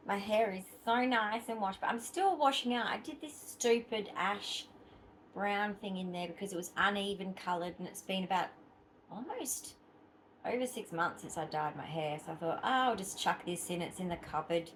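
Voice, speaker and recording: Australian woman vlogger, mid-pitched voice, rambling and chatty, lots of ums. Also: measured pace, long pauses, a little hiss or hum, poor audio. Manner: chatty, rambling, with frequent fillers and asides. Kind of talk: casual chat to camera.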